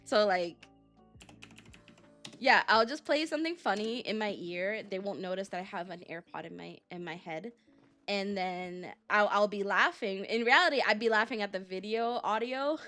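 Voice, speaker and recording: A young woman talks casually to her stream chat, rambling and circling back on herself with plenty of "like" and "um". Her voice sits at an ordinary middle pitch, with soft game music playing faintly underneath. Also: moderate pace. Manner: rambling storytelling with frequent fillers and laughs. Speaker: VTuber streamer.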